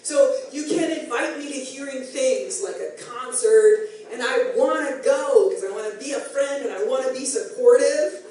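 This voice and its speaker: A middle-aged woman performing a self-deprecating stand-up comedy set, chatty with animated asides. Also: sits high, normal speed, hardly any pauses. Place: comedy club stage, live audience. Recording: echoey room, distant, faint ambience.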